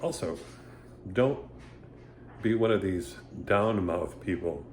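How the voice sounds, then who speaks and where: A man's voice: lowish voice, animated, takes it slowly, a little mellow, slight background noise. A man giving a casual singing lesson, rambling and stopping often to sing short vowel demonstrations. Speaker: voice teacher. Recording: echoey room with faint ambience.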